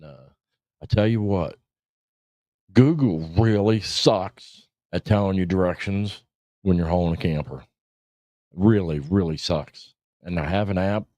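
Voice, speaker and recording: A man's voice: low-pitched, normal speed, warm tone, dry recording. A middle-aged man hosting a casual livestream, rambling, swearing and laughing as he talks. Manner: rambling, profane, laughs often. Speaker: podcast host. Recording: dull lo-fi stream audio.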